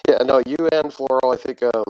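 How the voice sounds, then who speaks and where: A man calling in from his phone while out, talking about puppets in an unhurried way with plenty of fillers. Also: medium pitch, fairly even intonation, darkish tone, no echo. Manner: unhurried, explains things with fillers. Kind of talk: casual chat. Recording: dull, robotic phone mic.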